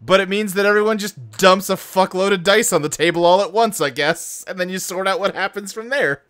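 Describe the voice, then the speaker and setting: Bright, clear-voiced male game master. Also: high voice, fairly quick. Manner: rambling, self-deprecating, laughs often. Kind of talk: casual podcast banter.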